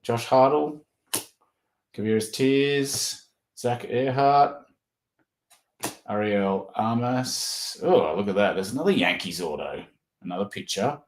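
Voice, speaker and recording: A man's voice: lowish voice, lively intonation, slow, pauses often. A man with an Australian accent, giving casual running commentary as he opens trading cards. He rattles off player names and perks up at good pulls. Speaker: card breaker. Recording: roomy echo.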